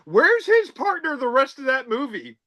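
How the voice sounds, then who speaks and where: A man's voice: very high voice, wildly swooping pitch, moderate pace, bright, forceful tone, highs cut off. A man hosting a casual podcast about a film, talking emphatically and tossing out rhetorical asides. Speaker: podcast host.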